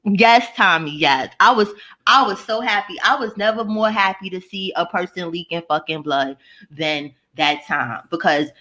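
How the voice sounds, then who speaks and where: A woman's voice: on the low side, moderate pace, bright, forceful tone. A woman vlogger ranting casually to her live chat, profane and mocking, answering viewers by name.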